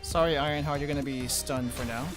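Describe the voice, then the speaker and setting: A man's voice: mid-range voice, steady tone, quick pace, over music. A man streaming a game, casually thinking aloud as he picks cards and mutters through his moves. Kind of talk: casual gameplay commentary.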